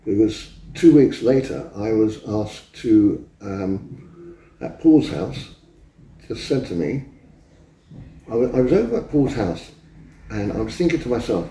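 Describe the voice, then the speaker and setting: A man's voice: fairly low pitch, expressive, unhurried, pauses often, mellow, a little hiss or hum. A man in his seventies, an interview guest telling rambling anecdotes and acting out the dialogue he remembers. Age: 70s. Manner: rambling, acts out quoted dialogue. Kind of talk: anecdotal storytelling. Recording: roomy echo, distant mic.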